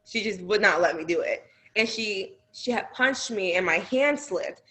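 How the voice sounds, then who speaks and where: A young adult woman, a guest wrestler, telling animated stories in a casual podcast chat with many fillers. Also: mid-range voice, moderate pace. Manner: animated storytelling, lots of fillers.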